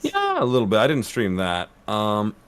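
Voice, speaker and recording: English man, playful panelist, animated delivery. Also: on the low side, moderate pace, clear, resonant tone. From Birmingham, England. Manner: playful, swears casually. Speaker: voice actor panelist. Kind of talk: casual panel chat.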